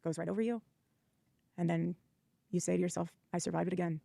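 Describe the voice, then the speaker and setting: A woman's voice: on the low side, steady tone, quick pace, gravelly, mellow, dry recording. A woman speaking earnestly and defiantly in a faith-based question-and-answer session. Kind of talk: earnest personal testimony.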